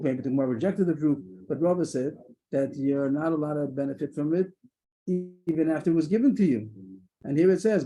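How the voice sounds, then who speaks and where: Man, Talmud study leader, video call, hesitant, fairly high voice, mellow tone. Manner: hesitant, many restarts, quick asides. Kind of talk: thinking aloud through a Talmud text.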